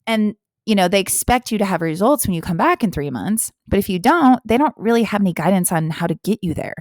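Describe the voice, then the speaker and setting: A woman's voice: mid-range voice, brisk, no room sound, clean studio sound. A middle-aged woman hosting a health-coaching podcast, talking earnestly and animatedly on her own. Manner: earnest, animated, acts out quoted voices. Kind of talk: casual solo podcast talk.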